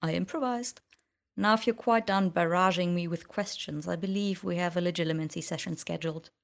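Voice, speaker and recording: A woman's voice: fairly low pitch, steady tone, brisk, vocal fry. A woman reading the lines of a cool, sardonic young male wizard in an audiobook. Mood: smug.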